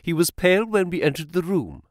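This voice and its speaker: A man voicing a calm male detective who asks short, clipped questions. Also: high-pitched, a little fast, no room sound, clean studio sound, pitched above the performer's own voice.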